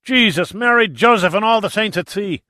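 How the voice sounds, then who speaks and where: Man doing a loud blustering old sea captain, high strained and forceful, for an audiobook. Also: a little fast, no room sound, studio quality. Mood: shouting. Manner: shouting, blustering. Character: loud excitable older male ship captain.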